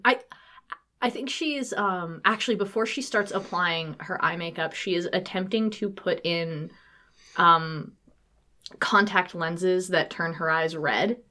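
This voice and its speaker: A woman's voice: on the low side, unhurried, pushed and bright. A woman playing in a tabletop game, describing her character with many ums and restarts. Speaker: player. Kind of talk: casual actual-play chat.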